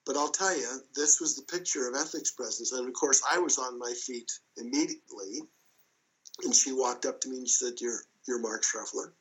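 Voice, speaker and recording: A man as an interview guest, casually telling a story in a lively way and chuckling as he goes. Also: medium pitch, a little fast, rough recording.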